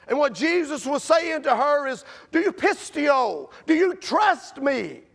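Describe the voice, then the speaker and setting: A man delivers a sermon in an unusually high voice that leaps and falls all the way through. His tone carries a gravelly edge. He fires rhetorical questions at the congregation and swings between loud and quiet. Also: big pitch swings, measured pace. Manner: rises and drops sharply in loudness. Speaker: preacher.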